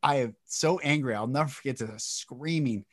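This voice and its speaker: An intense man tells a raw personal story, emotional and blunt, swearing freely. His voice sits in a middle pitch and is recorded close and dry, with no room around it. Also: moderate pace, dry recording. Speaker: podcast guest. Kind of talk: candid interview talk.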